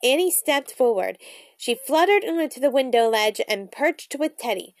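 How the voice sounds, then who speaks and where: Brief: high, lively woman reading a kids' book aloud, dry close sound. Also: moderate pace, no echo. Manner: bubbly, expressive reading. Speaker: storybook reader vlogger.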